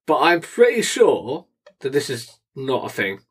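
A young man co-hosts a casual podcast chat in a mid-range, unhurried voice with a breathy edge. He jokes around and laughs often, keeping his delivery lively.

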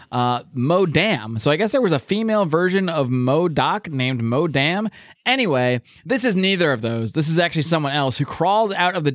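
A man's voice: on the high side, no room sound, clean studio sound. A man co-hosting a podcast, casually recapping a comic book in a chatty way and restarting his sentences often. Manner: chatty, restarts often, acts out characters in quotes. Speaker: podcast co-host.

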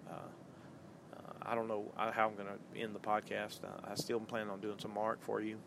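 Low, gravelly man hosting a casual podcast from behind the wheel, loose and filler-heavy. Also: monotone, moderate pace, background noise. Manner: loose and chatty, many ums and uhs. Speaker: podcast host. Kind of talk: casual rambling monologue. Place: in a car while driving.

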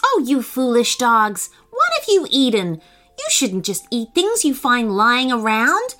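A woman playing a kind but bossy young girl in a storybook, high and bright, with a voice that leaps up at each exclamation and slow, careful words. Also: wildly swooping pitch, exaggerated voice. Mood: lively. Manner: scolding, exclamatory.

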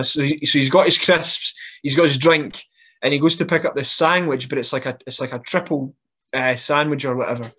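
A man's voice: mid-range voice, a little fast, husky, muffled recording. A man who is a guest on a podcast, telling funny stories casually and laughing as he talks. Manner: animated, laughs through stories, frequent restarts. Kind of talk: casual storytelling.

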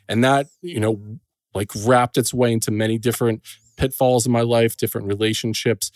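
A middle-aged man speaks as a podcast guest, earnest and openly emotional, often pausing and restarting his sentences. His voice sits at an ordinary middle pitch. The recording is close and dry, with no room echo. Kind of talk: personal storytelling in a podcast interview.

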